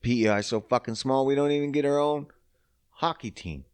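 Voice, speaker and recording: A man's voice: fairly quick, smooth, no room sound. A man from Prince Edward Island hosting a podcast alone, ranting with constant swearing and mock outrage. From Prince Edward Island, Canada. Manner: loud, animated pitch swings when riled up. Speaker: podcast host. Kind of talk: profane solo podcast rant.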